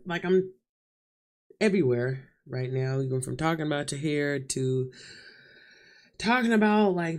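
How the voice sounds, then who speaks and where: A woman vlogging live to camera, chatting openly and casually with her viewers and calling them y'all and honey. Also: low-pitched. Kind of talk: candid live-stream chat to viewers. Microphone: camera mic.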